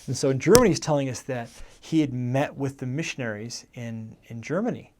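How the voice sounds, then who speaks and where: A man's voice: mid-range voice, brisk, darkish tone. Man recounting his missionary years. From United States. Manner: rambling and conversational, with frequent self-corrections. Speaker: former missionary telling his life story. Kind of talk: casual personal storytelling.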